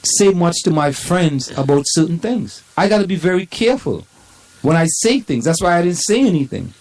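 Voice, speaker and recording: A man's voice: a little high, very animated, normal speed, a little mellow, rough recording. Stammering man. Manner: stammering, repeats words when flustered. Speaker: co-host. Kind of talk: casual banter.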